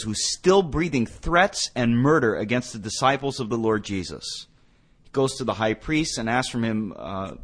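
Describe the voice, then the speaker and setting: Emphatic man in a theology talk show. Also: mid-range voice. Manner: emphatic, rising to forceful peaks. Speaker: radio show co-host. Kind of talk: theological radio discussion.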